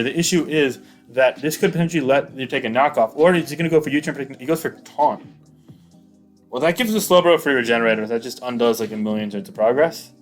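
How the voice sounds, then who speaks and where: Excitable man commentating a game. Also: medium pitch. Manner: chatty, excitable, rambling with fillers. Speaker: YouTube battle commentator. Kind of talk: casual play-by-play game commentary.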